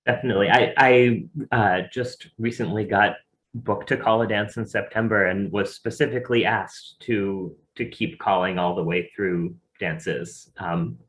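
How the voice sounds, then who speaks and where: Man, dance caller, lowish voice, hesitant, many restarts, video call. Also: steady tone, a little slow, a bit bright, rough recording. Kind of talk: casual panel talk.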